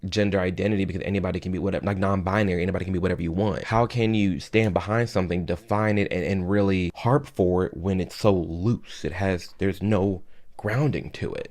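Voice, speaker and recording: A man with a fairly low voice delivers opinionated commentary to camera. He talks emphatically and sounds exasperated, stumbling and restarting as he pushes his point. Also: a little mellow. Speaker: political commentary vlogger.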